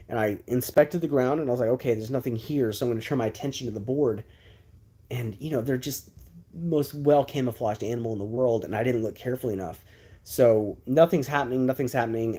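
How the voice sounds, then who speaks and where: A man's voice: medium pitch, a little mellow, slightly rough. A man in his thirties from Texas, host of a livestream, telling a personal story casually with many asides and fillers. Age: 30s.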